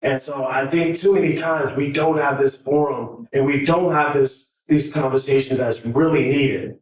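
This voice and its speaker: A man's voice: medium pitch, steady tone, moderate pace, recorded from a distance. Earnest nervous man in an echoey hall. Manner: earnest and emotional, with many restarts. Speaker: conference speaker. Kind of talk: public talk to an audience. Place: large conference hall.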